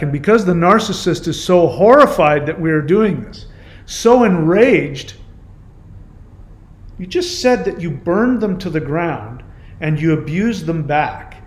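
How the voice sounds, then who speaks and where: A man's voice: fairly high pitch, animated, slow. Emphatic man, roomy echo. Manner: emphatic, repetitive, indignant. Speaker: YouTube channel host. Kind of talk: impassioned reaction monologue.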